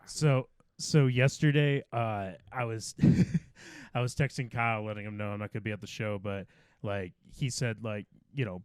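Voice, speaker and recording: A man's voice: fairly low pitch, fairly even intonation, moderate pace, smooth, no room sound. A man co-hosting a comedy podcast, rambling through a story and swearing and laughing as he goes. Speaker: podcast co-host. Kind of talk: casual comedy podcast chat.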